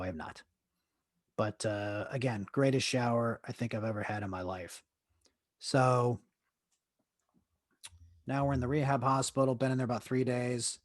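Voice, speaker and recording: A man's voice: medium pitch, no echo, clean studio sound. A man hosting his own podcast, telling a crude, joking story in a rambling way with many restarts while his leg hurts. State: in leg pain while seated. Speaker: podcast host. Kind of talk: casual storytelling monologue.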